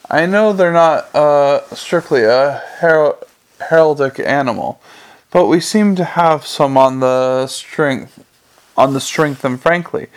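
A man voicing a fussy, cheerful little old male herald who twitters eagerly. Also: on the high side.

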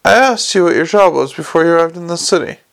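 A man's voice: on the high side, lively intonation, fast, creaky. A man voicing a dignified, growling old lawyer in an audiobook. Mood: stern. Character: old dusty pompous male lawyer.

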